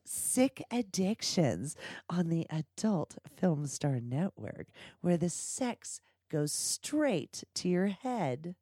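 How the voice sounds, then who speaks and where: A woman's voice: on the low side, big pitch swings, slow, mellow, husky, no room sound, clean studio sound. A woman hosting a podcast, telling frank, bawdy stories in a crude casual chat and laughing often. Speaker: podcast host.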